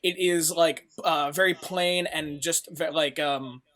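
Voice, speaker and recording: A man's voice: on the high side, fairly even intonation, slow pace, sharp tone. A man narrating a tabletop game as game master, rambling with many fillers.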